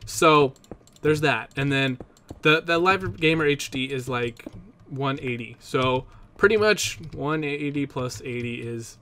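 A man's voice: medium pitch, unhurried, sharp tone. A young man chatting casually to his viewers about computer gear, rambling and interrupting himself as he goes. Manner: rambling, self-interrupting, talks to viewers directly. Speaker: Minecraft let's play YouTuber. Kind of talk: casual vlog chat about PC hardware.

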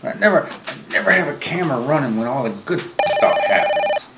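A man's voice: on the high side, big pitch swings, a little fast, vocal fry, very noisy. A man vlogging one side of a phone call. He jokes around, rambles and restarts his words, and pokes fun at himself. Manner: joking, rambling, self-deprecating, repeats words. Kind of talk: one-sided phone chat to camera. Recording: roomy with faint ambience.

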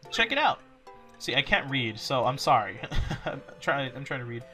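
A man's voice: mid-range voice, big pitch swings, moderate pace, sharp tone. A young man hosting a casual let's play, goofy and self-mocking, with game music behind. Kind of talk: casual gameplay commentary.

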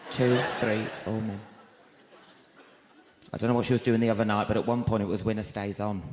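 A man doing a gossipy, camp stand-up routine, his voice jumping to high shrieks. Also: level tone, a little fast, heavy background noise. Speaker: stand-up comedian. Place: large arena before a live crowd. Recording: echoey arena, loud crowd laughter. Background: audience laughter.

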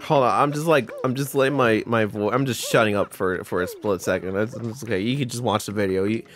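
A man hosting a let's play, giving rambling, self-deprecating commentary with quick mumbled asides. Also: on the low side, a bit bright. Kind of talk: casual gameplay commentary.

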